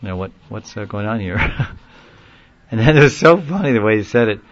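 A man telling a long story in a casual, rambling way, often laughing and getting animated when he quotes people. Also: lowish voice, a little fast, muffled recording. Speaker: speaker recounting a story in a class. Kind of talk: informal storytelling talk.

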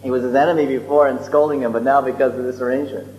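A man's voice: mid-range voice, steady tone, very fast, darkish tone. A man telling a sacred story in a sermon, chuckling and digressing with frequent restarts. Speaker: religious storyteller. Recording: echoey hall, dull lo-fi, faint hum.

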